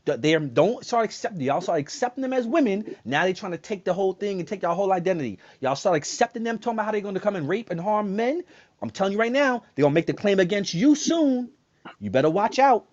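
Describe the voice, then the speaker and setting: Over dull, lo-fi online audio, a man with a fairly high voice argues his point hard. He repeats his warnings again and again and checks in with "right?" as he builds his case on the panel. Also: lively intonation, fast talker, darkish tone. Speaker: panelist on an online talk room. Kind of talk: heated opinion talk.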